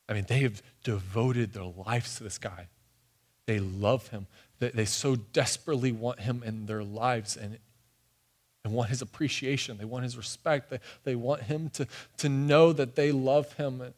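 A man preaching a sermon, swinging between excited, loud stretches and hushed, soft ones. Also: mid-range voice, unhurried. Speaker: pastor.

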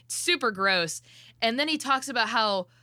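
A woman co-hosting a podcast in casual chat, telling a story in halting, rambling fashion with many fillers. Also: on the high side, animated, pushed and bright, no echo. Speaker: podcast co-host.

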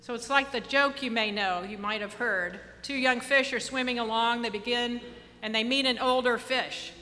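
A woman pastor giving a sermon, earnest and direct, slowing down for emphasis and dropping into casual asides. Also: on the high side, bright, forceful tone, long reverb tail.

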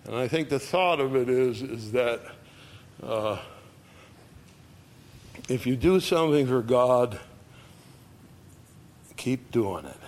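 Older man preaching a conversational sermon. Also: slight background noise. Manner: conversational, reads scripture with raised pitch and volume; asks the audience "all right?".

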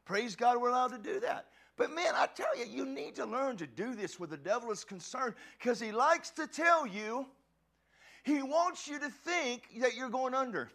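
A man preaching a passionate sermon as a pastor, often shouting and stumbling over restarts. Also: extremely high pitch, big pitch swings, moderate pace.

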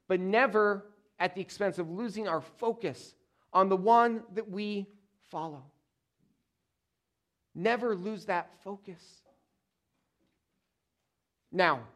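A man who is a pastor, preaching a sermon in an emphatic style with dramatic pauses, repeated phrases, and wide swings between loud stresses and quiet, low endings.

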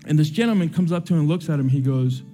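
A young man preaching to a church, telling a personal story with animated swings, then praying softly. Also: fast, faint music behind. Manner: animated storytelling, soft and low in prayer. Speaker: pastor. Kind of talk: sermon with personal story and prayer.

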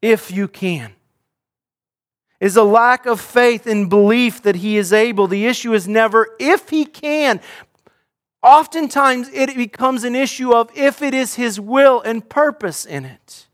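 A male pastor delivers a sermon in a high voice for a man. He speaks earnestly and directly, often repeating a word or restarting a phrase before pressing on. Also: unhurried.

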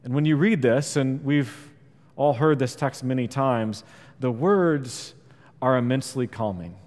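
A man's voice: medium pitch, a little slow. Earnest man preaching in an echoing hall. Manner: earnest, swells louder on key points and drops quiet on scripture. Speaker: pastor. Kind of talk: sermon. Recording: long reverb of a large hall.

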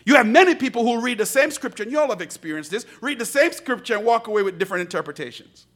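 Animated preaching man, high lively voice. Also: fast talker. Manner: animated preaching, rising to shouts, laughing asides; swings between soft low asides and loud emphatic lines. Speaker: pastor. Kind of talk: sermon.

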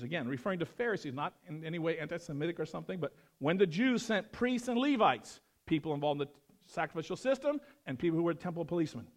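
Middle-aged male pastor, high voice, teaching a verse-by-verse sermon; animated, with loud stresses and hushed asides. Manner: animated, swings from loud emphasis to quiet asides.

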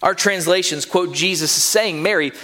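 Pastor guy preaching, kinda high voice, long echo like a big church. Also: moderate pace, sharp tone. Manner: earnest preaching, pitch rising with emphasis. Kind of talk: sermon. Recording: long hall reverb.

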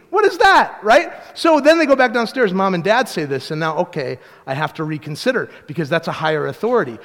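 High-voiced pastor preaching in a reverberant hall. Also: male voice. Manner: conversational preaching with family anecdotes, frequent restarts. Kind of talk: sermon.

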